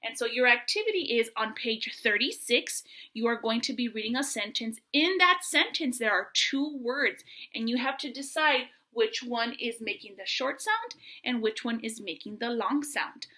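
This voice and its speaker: Female grade-school teacher, bright and slightly high, patient, enunciating for young children. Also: lively intonation, moderate pace, low-quality recording. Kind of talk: remote classroom lesson.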